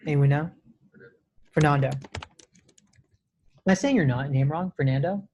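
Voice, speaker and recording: A man's voice: a little high, measured pace, dark tone, slight background noise. Casual male coding teacher. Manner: casual, many restarts, says "right?" often. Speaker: coding instructor. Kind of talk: live classroom lecture. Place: classroom.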